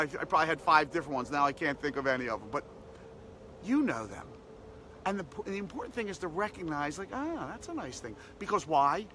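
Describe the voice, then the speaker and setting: Upbeat guy doing a self-help pep talk, kinda high voice, repeats his catchphrases over and over. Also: bright, forceful tone, a little hiss or hum. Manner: upbeat, repetitive, chanting slogans. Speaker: host of a daily positivity practice.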